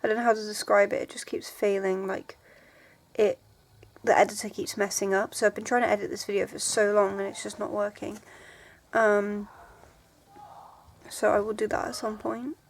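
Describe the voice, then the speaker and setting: A woman's voice: medium pitch, little pitch movement, normal speed, gravelly, slight background noise. A woman in her twenties, rambling and emotional in a casual vlog, tired and sore. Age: 20s. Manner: rambling, emotional, full of "like"s and restarts. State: tired and in pain. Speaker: book vlogger.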